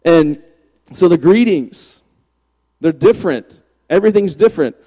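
A man in his forties from Virginia, a pastor telling funny stories in a chatty, animated sermon. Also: on the high side, unhurried. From Virginia, USA. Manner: chatty, joking, animated anecdotes. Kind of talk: humorous sermon storytelling. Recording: long reverb of a large hall.

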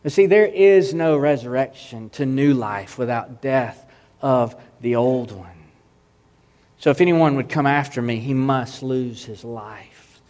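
A man's voice: mid-range voice, measured pace, darkish tone. A man preaching a sermon as pastor, earnest and emphatic, often restarting his words.

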